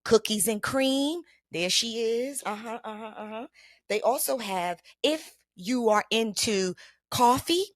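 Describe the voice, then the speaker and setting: Chatty woman podcast host, somewhat high voice. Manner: chatty, calls listeners "family"; drops to a hushed voice for emphasis. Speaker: mental health podcast host. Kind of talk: casual motivational monologue.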